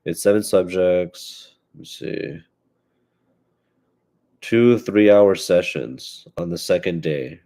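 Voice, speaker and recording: Young guy with a stuffy nose hosting his podcast, real deep voice, rambling and cussing a lot. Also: takes it slowly, long pauses, warm tone. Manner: rambling and profane, with many fillers and restarts. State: stuffy from allergies. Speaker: podcast host. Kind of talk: casual solo podcast chat.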